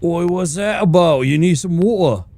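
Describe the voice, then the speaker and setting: A man putting on a gruff East End London man with a put-on Cockney accent, blunt and barking. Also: on the high side, moderate pace, darkish tone, dry recording, voice pushed up, close to an everyday voice. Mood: mock concern.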